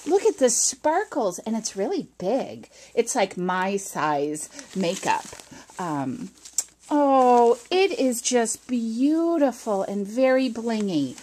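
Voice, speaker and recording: A middle-aged woman vlogger opening a package on camera, chatting casually and gushing with excitement. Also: a little high, slow pace. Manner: gushing and excitable, with squeals of delight. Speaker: crafting vlogger. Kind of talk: casual unboxing chat to camera.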